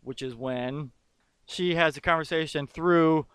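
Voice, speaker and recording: A man's voice: a little high, unhurried, fairly bright tone, clean tone, dry recording. A man co-hosting a casual chat podcast, rambling through a movie's scenes with jokes and fillers. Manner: rambling, jokey, recaps scenes with lots of fillers. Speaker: podcast co-host.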